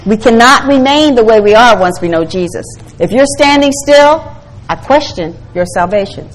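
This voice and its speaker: Preaching a sermon to women, this older ministry speaker is emphatic, cites scripture, and asks the audience questions. She has an animated, higher-pitched voice at a moderate pace, captured on a rough recording.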